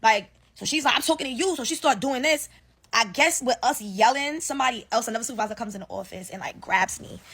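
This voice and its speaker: Fast-talking, profane young woman ranting. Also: a little high, husky. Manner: animated, profane, slangy storytelling with acted-out quotes. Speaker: storyteller ranting about work. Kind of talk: casual storytime rant. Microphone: phone selfie video.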